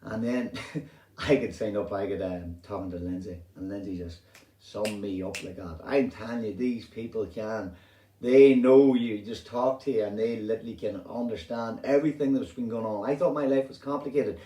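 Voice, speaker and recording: A middle-aged man with a Northern Irish accent telling a personal story in a rambling, animated way, swearing freely. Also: on the low side, normal speed. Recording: roomy sound, distant from mic.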